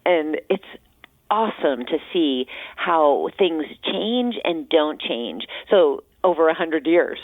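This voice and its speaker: A woman from central New Hampshire, editor of an almanac, chatting in a friendly radio interview with soft laughs and fillers over the phone. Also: low-pitched, lively intonation, slow, no room sound. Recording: tinny phone line.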